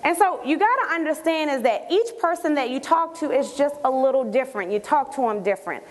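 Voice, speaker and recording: A woman giving an energetic live training talk on network marketing, quizzing her audience as she coaches them. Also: sits high, a little fast, some chatter behind. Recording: echoey hall with long reverb.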